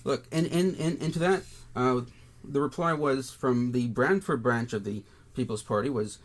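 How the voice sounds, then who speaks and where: A man's voice: mid-range voice, moderate pace. A man from Canada, co-hosting a casual political podcast and talking emphatically, often repeating words as he starts a point. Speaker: podcast co-host.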